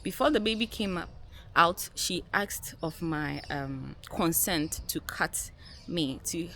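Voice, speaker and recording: A woman's voice: lowish voice, slow pace, creaky, pushed and bright, a little hiss or hum. A woman vlogger telling a personal story to her viewers in an emphatic way, repeating key words and calling them guys.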